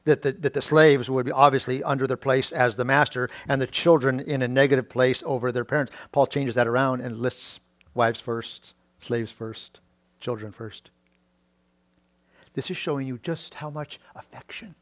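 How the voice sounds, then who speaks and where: A middle-aged male pastor giving a sermon, often restarting his words and rising loud and high on key points. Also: fairly even intonation, normal speed, dry recording. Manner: preaching with many restarts and repeated words; rises to a loud high pitch when stressing points.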